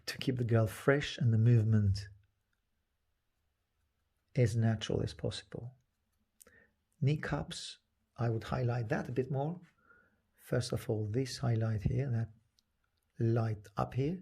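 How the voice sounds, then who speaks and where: Man, painting lesson, gravelly low voice, dark and husky, murmurs and whispers while working. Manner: soft-spoken, often drops to a whisper while painting; halting, thinking aloud with restarts. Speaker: painting teacher. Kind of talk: live painting demonstration.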